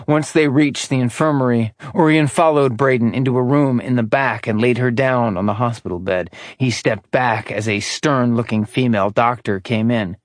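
This is scripted audiobook narration by a man with a medium-pitched voice, delivered in a steady, measured reading style. The sound is dry and of studio quality.

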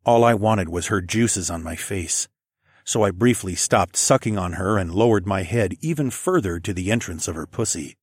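A man reading a first-person story in a low, slightly husky voice, calm and measured. The recording is close and dry, with no room sound. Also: no room sound. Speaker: narrator.

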